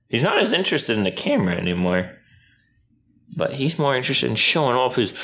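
A man chatting casually on camera while playing with his puppy, playful, often jumping up into high baby-talk at the dog. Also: lively intonation, brisk, fairly bright tone. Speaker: YouTuber filming his dog. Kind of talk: casual vlog chat with a puppy.

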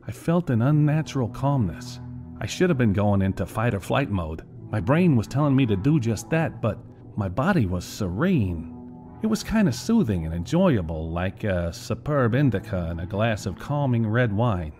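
Wry low-voiced male storyteller. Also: a little mellow. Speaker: narrator. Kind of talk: scripted first-person narration.

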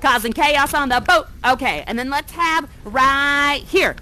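A woman's voice: high-pitched, measured pace, sharp tone, a little hiss or hum, low-quality recording. A woman actor guiding an audience through an interactive performance, talking in a playful, silly and theatrically dramatic way into a headset mic.

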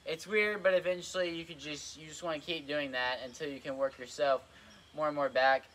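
Young man, high-ish voice, winded, filler-heavy casual how-to. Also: fairly even intonation, a little fast, a bit bright, a little hiss or hum. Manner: rambling, lots of "like" and "kinda", repeats himself. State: out of breath. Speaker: trampoline tips vlogger. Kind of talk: casual instructional vlog. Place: outdoors on a trampoline.

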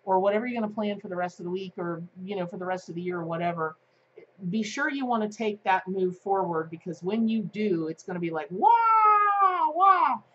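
A woman giving a daily tarot card reading to her viewers, chatty and excitable, with plenty of fillers. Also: fairly low pitch, fast talker, muffled recording, a little hiss or hum. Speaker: tarot reader.

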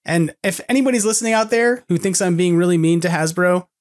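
A man hosts a casual podcast in a rambling, self-deprecating way, laughing between thoughts. His voice sits a little high. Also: quick pace. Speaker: podcast host.

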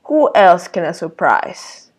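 A woman's voice: lowish voice, big pitch swings, takes it slowly, husky, heavily acted. A woman voicing a mischievous, boastful male dinosaur in a picture-book reading, with a teasing, gloating manner.

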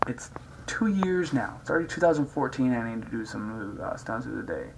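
A man rambles through a casual vlog at a hyper clip, crude and joking. His pitch sits in an ordinary middle range, with a faint hiss of noise behind him. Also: animated, fairly quick, creaky. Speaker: vlogger.

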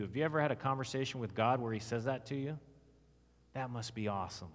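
Man, Texan accent, sermon teaching, emphatic questions to the audience, mid-pitched voice, long church hall echo. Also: fairly quick. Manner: emphatic, asks the audience questions, reads scripture aloud. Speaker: conference speaker.

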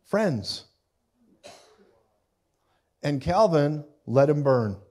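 A man's voice: a little high, sing-song, drawn-out words, darkish tone. A man preaching a live sermon in a conversational style, with frequent asides and quoted voices.

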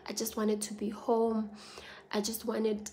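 A woman's voice: on the high side, monotone, a little slow, dark tone, slight background noise. Earnest South African woman vlogger. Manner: earnest, confiding, mixes languages. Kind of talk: personal venting vlog.

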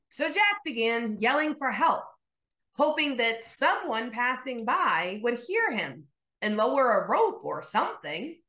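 A woman pastor telling a story in her sermon and leading a prayer, gentle and prayerful. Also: fairly high pitch, echoey room.

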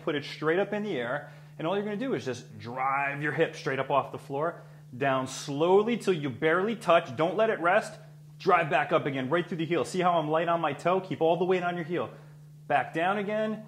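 Upbeat male fitness trainer, slightly high voice, a bit breathless while demonstrating moves; echoey room, faint hum. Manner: energetic coaching, talks while exercising. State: breathing heavily. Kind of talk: exercise demonstration.

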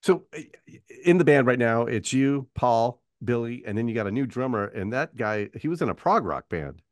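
A man interviewing a guest over a video call, asking quick, joking questions. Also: medium pitch, animated. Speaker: interviewer, host.

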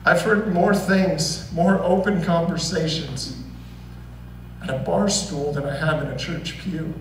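High-voiced pastor preaching in an echoey church. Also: male voice. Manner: earnest, emphatic preaching with rhetorical questions. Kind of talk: sermon. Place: church sanctuary. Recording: roomy, distant church recording with faint hum.

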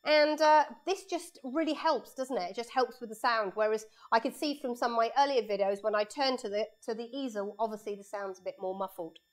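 High-voiced woman teaching a painting class. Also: brisk, hardly any pauses. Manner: chatty, explains step by step while drawing. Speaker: art teacher. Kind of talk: live painting lesson for children and parents. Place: her art studio, indoors. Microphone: lapel mic.

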